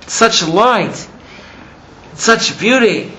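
Man voicing a weeping, pleading old sage. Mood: tearful pleading. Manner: high, slow, pleading. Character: anguished male sage weeping for his teacher. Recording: muffled with steady background noise.

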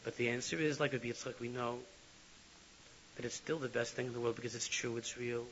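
A man giving an animated sermon full of storytelling, on a lo-fi recording with faint hiss. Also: mid-range voice, a little fast. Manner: animated, swinging from loud to hushed. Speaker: religious speaker.

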